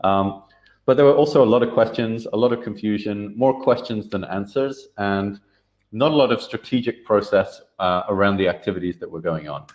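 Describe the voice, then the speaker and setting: A man presenting an online workshop over a video call, relaxed and full of filler words and restarts. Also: on the low side, moderate pace, lo-fi sound. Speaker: workshop speaker.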